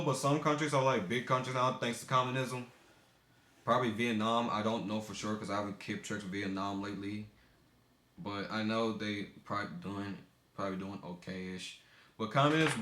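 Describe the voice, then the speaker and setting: A young American man who makes videos rambles through casual commentary in an echoey room, his voice on the low side and a bit bright. He often stumbles over words and corrects himself mid-sentence.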